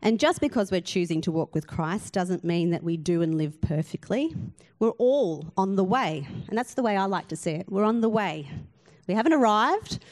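A woman's voice: medium pitch, expressive, moderate pace, darkish tone. Woman pastor, earnest sermon, emphatic, rhetorical questions.

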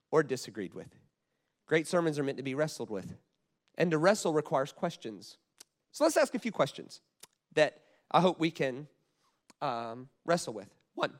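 Animated high-voiced male pastor. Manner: animated, repeats words, conversational asides. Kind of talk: sermon.

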